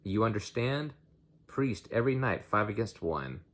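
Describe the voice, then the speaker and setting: Man putting on a loud teasing army captain, slow choppy phrases, low husky voice. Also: animated. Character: blustering male army captain teasing in broken speech.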